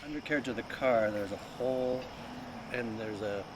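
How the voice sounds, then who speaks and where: A man guest tells a personal story outdoors in a gentle, reverent way. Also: medium pitch, moderate pace. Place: outdoors beside a road. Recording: loud roadside traffic noise.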